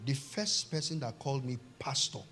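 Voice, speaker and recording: A middle-aged Nigerian man preaching a sermon, telling a family story and swinging from hushed tones to shouts. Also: mid-range voice, lively intonation, normal speed, music in the background. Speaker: pastor.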